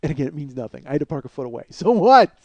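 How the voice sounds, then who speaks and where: A man hosting a comedy podcast, delivering a profane, exasperated rant that swings between loud outbursts and low muttering. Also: very animated, racing. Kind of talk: ranting comedic monologue.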